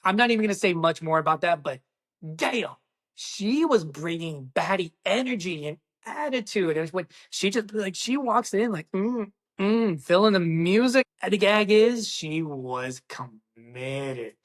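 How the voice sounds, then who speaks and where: Excitable woman reviewing a movie. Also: lowish voice, unhurried. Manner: excitable, exclamatory, talks straight to viewers. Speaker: film reviewer.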